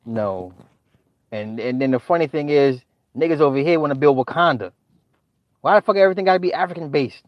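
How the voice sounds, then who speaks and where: A middle-aged man with a rather high-pitched voice holds forth in a profane livestream rant, exasperated and laughing between outbursts. His voice sits close and dry on the mic, with no room sound. The sound is a bit dull, like a modest lo-fi setup. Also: a little fast, no room sound. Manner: animated, exasperated, laughs often. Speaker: livestream host. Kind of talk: profane ranting commentary.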